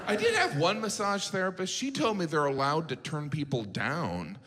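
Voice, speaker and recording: A man's voice: fairly high pitch, very animated, normal speed. Wry male stand-up comic on stage. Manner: wry, exasperated observational delivery. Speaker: stand-up comedian. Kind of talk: stand-up comedy. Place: live venue on stage. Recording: echoey hall with loud ambience.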